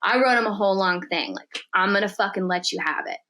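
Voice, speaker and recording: A woman guest on a podcast telling a story in casual chat, animated and profane, acting out the quotes in dialogue. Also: mid-range voice, quick pace.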